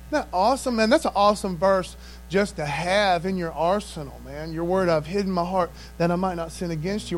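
A man's voice: high voice, a little hiss or hum. A man preaching a casual, folksy sermon, laughing often and calling his listeners "man".

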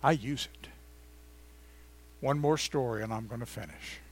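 A man, preaching a sermon in a church and telling personal stories in a folksy, chatty way, swinging from loud exclamations to quiet asides. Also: medium pitch, a little slow. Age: 70s. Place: church before a congregation.

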